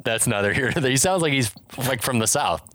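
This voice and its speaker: A relaxed man talking through a movie plot on a podcast, swearing freely and tossing in wry side comments. His voice sits in a middle range and comes across dry and close, with no room around it. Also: mid-range voice, fairly quick, no echo. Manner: laid-back, profane, recaps with wry asides. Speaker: podcast co-host. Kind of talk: casual movie recap chat.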